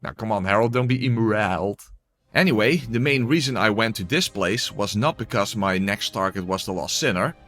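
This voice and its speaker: A man's voice: on the low side, lively intonation, normal speed, fairly bright tone. A man giving casual gameplay commentary and voice-over narration, exclamatory, swearing, with wry asides.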